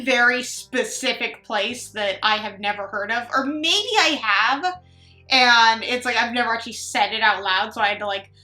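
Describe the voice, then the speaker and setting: Young woman reacting to posts, sarcastic and chatty, kinda high sharp voice. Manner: chatty, sarcastic, rambling asides. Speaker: reaction video host. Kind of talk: casual reaction commentary reading posts aloud.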